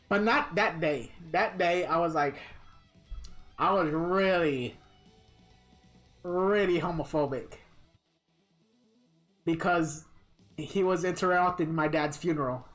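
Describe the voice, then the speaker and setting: A woman's voice: deep voice, takes it slowly, long pauses, soft background music. A woman livestreamer chatting casually while gaming, rambling, swearing freely and reading chat comments aloud.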